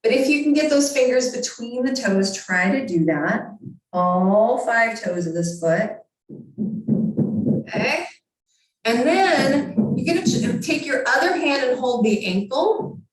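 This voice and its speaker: Sounding echoey and distant, this yoga teacher calmly walks listeners through poses with encouraging step-by-step cues. She speaks unhurriedly in a voice on the high side, far from the mic in a very echoey room.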